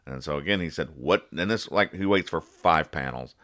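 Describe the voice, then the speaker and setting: A man's voice: rumbling low, a little fast, bright, forceful tone. A man hosting a casual podcast, rambling, joking and explaining each punchline. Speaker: podcast host reading comics. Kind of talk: casual comedic podcast chat.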